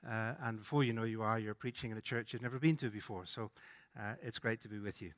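A man's voice: fairly low pitch, steady tone, quick pace. A man with a Northern Irish accent, giving a sermon as a guest preacher in a conversational way, with frequent fillers and restarts. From Northern Ireland.

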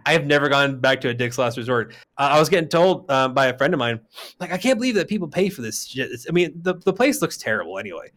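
A man from Arizona co-hosting a podcast, telling a story in casual chat with a profane, heated delivery that jumps to shouting. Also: medium pitch, very animated, fast. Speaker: podcast co-host.

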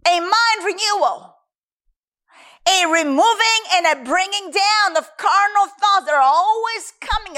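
A woman delivers a sermon in a high, bright-toned voice. She speaks slowly and with emphasis, drawing words out between lines of scripture. Her pitch swings widely as she preaches. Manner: slow, emphatic, scripture-quoting.

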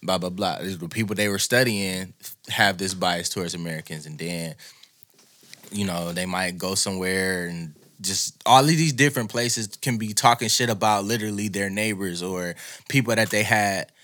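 A man's voice: deep voice, fairly even intonation, normal speed, a bit bright. A man co-hosting a casual podcast chat, talking loosely and profanely, rambling through his points.

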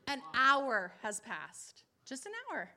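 Bright high-voiced woman preacher. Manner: animated storytelling, acting out the people she quotes. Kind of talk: testimony in a sermon.

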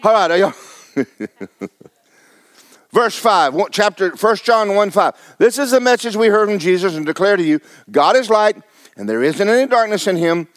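High-pitched fiery pastor. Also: male voice, animated, fairly quick, no echo, studio quality. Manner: folksy, fiery preaching with repetition and humor. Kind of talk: sermon.

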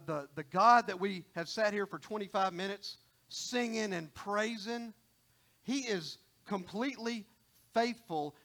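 A man's voice: high-pitched, fairly bright tone. A middle-aged man preaching a sermon in a folksy, conversational way, often repeating and restarting phrases.

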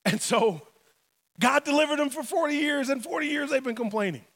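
High-voiced, animated preacher man. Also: a little fast. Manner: animated, humorous storytelling preacher. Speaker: pastor. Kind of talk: sermon. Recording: long hall reverb.

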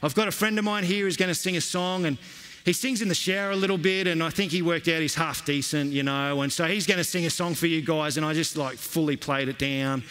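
A man preaching a sermon, telling stories in a lively, conversational way. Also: a little high, fairly quick. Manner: storytelling, animated and conversational. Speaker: pastor. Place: church hall. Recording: long reverb of a church hall.

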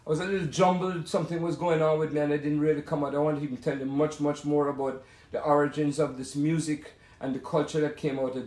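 A man's voice: a little high, a little mellow, reverberant. A man in his seventies with a Jamaican accent, a musician reminiscing at home in a rambling, showman-like monologue. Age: 70s. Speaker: musician hosting a talk session.

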